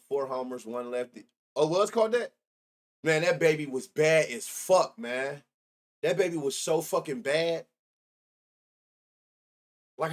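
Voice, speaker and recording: Profane, loose-talking man hosting a stream. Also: a little high. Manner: loose, profane, reminiscing, reacting to chat. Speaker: sports betting show host. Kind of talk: casual live-stream chat.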